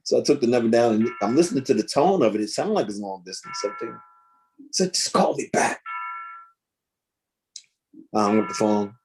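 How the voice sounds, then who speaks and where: A man telling a lively story in a video call interview, acting out the voices of the people in it. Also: mid-range voice, fast talker, soft background music. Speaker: guest drummer. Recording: choppy internet connection.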